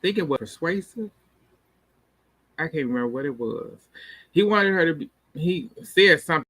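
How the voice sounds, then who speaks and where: A man casually recapping a TV episode, animated and laughing often as he retells the scenes. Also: a little high, normal speed. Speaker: TV episode reviewer.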